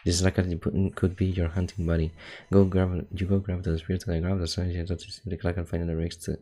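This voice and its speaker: A young man with a very low, deep voice reads game text aloud in a loose, casual way. He trips over words, backs up to fix them, and breaks off to laugh or curse under his breath. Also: level tone, fairly quick, warm tone. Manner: stumbles and restarts while reading, laughs and swears often. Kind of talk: casual gameplay commentary, reading text aloud.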